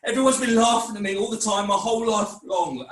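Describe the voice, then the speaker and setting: A man voicing a guilt-ridden, self-doubting young man in an online script reading, halting and anguished. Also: sits high, close to an everyday voice. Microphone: video call mic. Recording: echoey room, mic at a distance.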